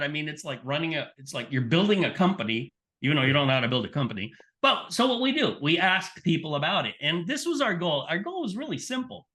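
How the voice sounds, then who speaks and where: A man's voice: fairly high pitch, brisk, hardly any pauses. A middle-aged man, a sports nutrition scientist, telling stories as a podcast guest and acting out the people he quotes. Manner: animated storyteller, acts out quoted people. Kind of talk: casual interview storytelling.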